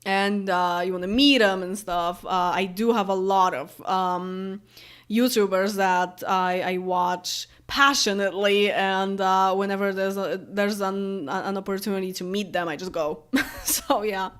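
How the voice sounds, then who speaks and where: A woman's voice: mid-range voice, steady tone, a little slow, clear, resonant tone. Chatty Polish-accented woman in her late twenties. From Poland. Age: late 20s. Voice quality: chatty, rambling, frequent fillers and laughs. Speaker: YouTuber. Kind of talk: casual chat answering viewer comments.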